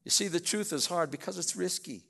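A man's voice: high-pitched, fairly quick, vocal fry, pushed and bright, breathy edge. A male pastor preaching a sermon, earnest and speaking directly to his congregation. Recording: echoey church hall.

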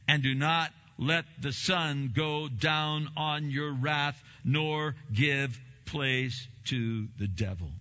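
A middle-aged male pastor preaching a sermon in an emphatic, repetitive style, with sudden loud bursts. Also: medium pitch. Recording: muffled sound with long hall reverb.

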